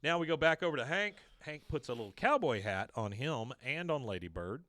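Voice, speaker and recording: A man co-hosting a podcast, casually recapping a cartoon episode and jumping into quick put-on voices for the characters' lines. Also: mid-range voice, animated, fairly bright tone, dry recording.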